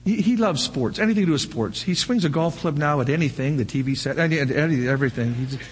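An older man preaching a sermon, firing off rhetorical questions and breaking into animated shouts. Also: fairly high pitch, fast, slight background noise. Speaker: pastor.

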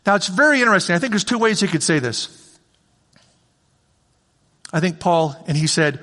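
A man's voice: high-pitched, animated, moderate pace, long pauses, fairly bright tone. A man preaching a sermon as pastor, in a conversational way that repeats phrases for emphasis. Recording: long reverb of a large hall.

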